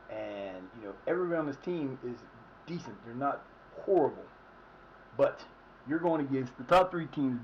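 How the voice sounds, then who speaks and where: A man's voice: mid-range voice, highs cut off, a little hiss or hum. A man streaming live and chatting casually over his game, rambling with frequent restarts and fillers. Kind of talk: casual live gameplay commentary.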